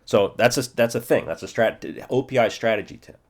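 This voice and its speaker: A man in his forties walks through a self-study language lesson, repeating phrases slowly and checking himself as he goes. His voice sits fairly low, and he thinks aloud between drills. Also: expressive. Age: 40s. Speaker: language teacher.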